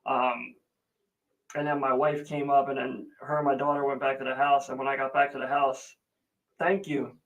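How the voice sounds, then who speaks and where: A man's voice: mid-range voice, little pitch movement, normal speed, rough recording. Chatty man rambling through a livestream. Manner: rambling, chatty storytelling with many fillers; greets viewers by name between stories. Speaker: livestream host. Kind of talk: casual live chat.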